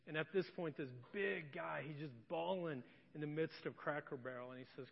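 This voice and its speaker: A middle-aged man preaching as a pastor, conversational and joking, moving between loud emphasis and soft emotional storytelling. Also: on the high side, fairly quick, vocal fry, hardly any pauses. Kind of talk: sermon with personal story. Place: church sanctuary. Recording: distant echoey hall, dull sound.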